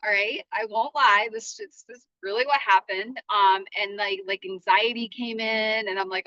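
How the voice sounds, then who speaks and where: A woman in her forties hosting a podcast from her parked car, talking in a rambling, halting way with many restarts. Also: medium pitch, steady tone, sharp tone, dry recording, dull audio. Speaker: podcast host. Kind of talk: casual solo podcast monologue.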